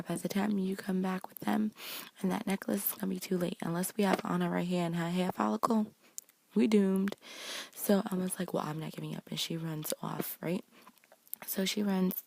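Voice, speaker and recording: Gravelly, husky woman recapping fast. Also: lowish voice. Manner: fast, slangy, animated retelling, paraphrasing characters' lines. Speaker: TV episode recapper. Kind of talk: casual recap vlog.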